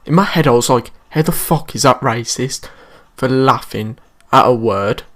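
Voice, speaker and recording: A man's voice: medium pitch, moderate pace, fairly bright tone. A man with a British accent casually telling a school story in slangy, swear-filled speech. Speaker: vlogger.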